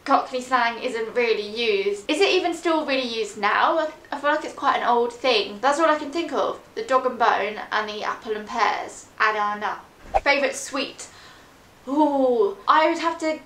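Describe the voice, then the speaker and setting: Young woman, fashion vlogger, casual chatty delivery, fairly high voice, echoey room. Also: animated, normal speed, a bit bright, slight background noise. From England. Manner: chatty and self-deprecating, giggly asides. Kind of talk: casual vlog chat.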